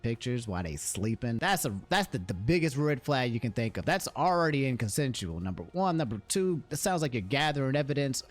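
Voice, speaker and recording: Exasperated man streaming reaction commentary. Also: mid-range voice. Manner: exasperated, sighing exclamations.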